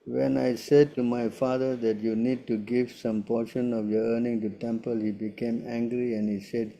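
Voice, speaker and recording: A man's voice: medium pitch, fairly even intonation, moderate pace, hardly any pauses, mellow. A man acting as spiritual teacher in a Q&A session, speaking emphatically and keeping checking his listeners follow with short tag questions.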